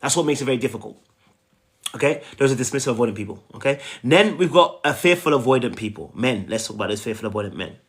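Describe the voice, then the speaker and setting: A man's voice: mid-range voice, expressive, fast. A man giving a relationship coaching talk, emphatic and repetitive, often checking in with "okay?" and "right?".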